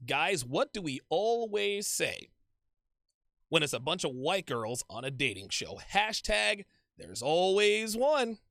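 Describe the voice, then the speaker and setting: A man giving casual, profane reaction commentary on a dating show, animated and repetitive. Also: fairly high pitch, a little slow, creaky, no room sound, studio quality. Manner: animated, profane, repeats himself.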